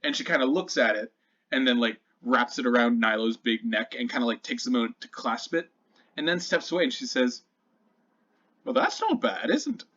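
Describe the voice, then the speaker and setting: A man with a mid-range, slightly bright voice and a somewhat fast pace serves as dungeon master for a tabletop game. His narration is loose and chatty, full of fillers, and the lo-fi recording sounds a bit dull.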